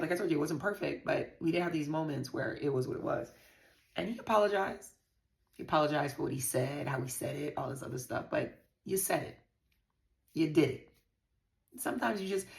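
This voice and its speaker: A woman's voice: low-pitched, creaky, echoey room. A woman from the Virgin Islands speaking frankly and profanely to her viewers while telling a personal story. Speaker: vlogger. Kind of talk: candid personal storytelling to camera.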